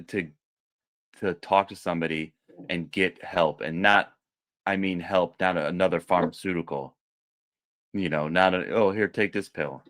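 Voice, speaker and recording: A man co-hosting a podcast in casual chat, speaking earnestly and thoughtfully with halting restarts. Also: low voice, a bit bright. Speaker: podcast co-host.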